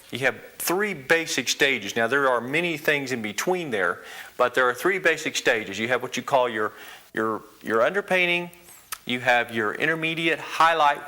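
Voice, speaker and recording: A man guides viewers through an oil painting in a relaxed, folksy teaching manner. His voice sits at an ordinary pitch with a bright, forward tone. He talks steadily through each stroke, urging students on. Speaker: painting instructor. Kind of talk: televised painting lesson.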